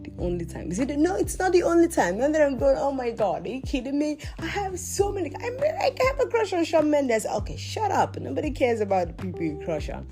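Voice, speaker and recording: A woman's voice: sits high, fairly quick, hardly any pauses, faint music behind. A woman, hosting a podcast and telling a confessional story in a chatty way, full of laughing asides where she talks to herself. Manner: animated, self-talking, laughing asides. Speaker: podcast host.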